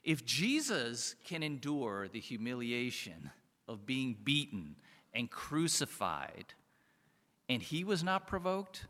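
A man's voice: medium pitch, sing-song, slow pace, pauses often, bright, forceful tone. A man giving a conversational sermon as a pastor, often chuckling and asking his listeners rhetorical questions. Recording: reverberant hall.

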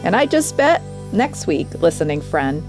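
Female devotional co-host with a lowish voice who speaks straight to the listener. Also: very animated, normal speed, music in the background. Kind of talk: devotional radio talk.

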